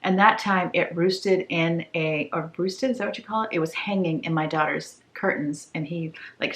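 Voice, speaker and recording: A woman from tells a home story in a relaxed vlog. Her voice sits on the lower side for a woman. She slips into the voices of the people she quotes and sounds a little tired. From Maine. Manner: animated storyteller who acts out quoted voices. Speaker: home declutter vlogger.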